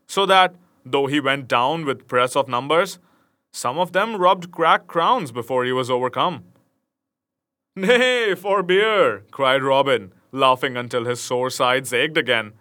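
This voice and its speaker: Male storybook reader, unhurried and expressive, bright voice, casual asides. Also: a little high. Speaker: narrator. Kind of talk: reading a classic storybook aloud.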